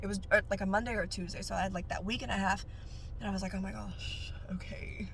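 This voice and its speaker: A woman who works as a nail technician, sharing her faith testimony in a casual, animated way that jumps up high whenever she gets excited. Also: fast talker, vocal fry, a little hiss or hum.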